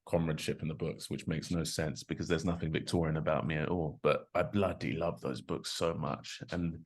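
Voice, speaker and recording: A man's voice: a bass voice, steady tone, a little fast, husky. A man talking as a podcast guest in a casual chat, enthusiastic and rambling, with plenty of fillers. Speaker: guest, rugby prop forward.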